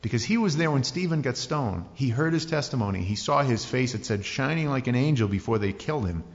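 A male pastor gives a sermon as relaxed, joking storytelling, full of slang. His voice has a long hall reverb, and the recording sounds dull and lo-fi. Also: mid-range voice, fairly quick. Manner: casual, jokey storytelling with slang.

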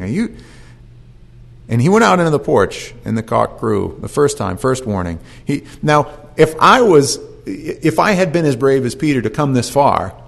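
A man's voice: mid-range voice, gravelly. A man preaching a sermon, telling the story with animation and acting out voices.

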